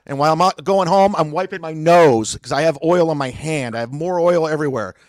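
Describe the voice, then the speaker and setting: A man's voice: on the high side, fairly quick, no room sound. A young man, a comedian, defensively telling a rambling bar-fight story on a podcast, acting out quotes along the way. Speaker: comedian guest.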